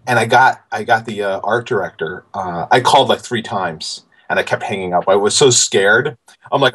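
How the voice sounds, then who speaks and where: A man in his forties, a guest in a casual interview, telling animated stories with many fillers and restarts. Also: on the low side, moderate pace, breathy edge.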